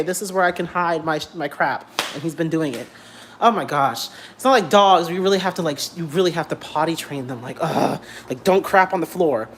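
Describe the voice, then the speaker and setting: Blunt, animated young man ranting. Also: high voice, slight background noise. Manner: animated, repetitive, blunt and profane. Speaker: vlogger. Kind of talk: casual vlog rant. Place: home.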